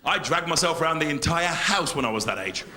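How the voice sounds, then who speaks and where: A middle-aged English man performing a live stand-up routine, animated, swinging between loud bursts and low mutters. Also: a little fast, slight background noise. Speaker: stand-up comedian.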